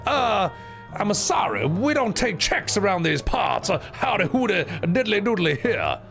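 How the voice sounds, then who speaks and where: A man voicing a loud, cheery, folksy bartender with a sing-song drawl. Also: high voice, sing-song, measured pace, creaky, faint music behind, pitched above the performer's own voice, heavily acted.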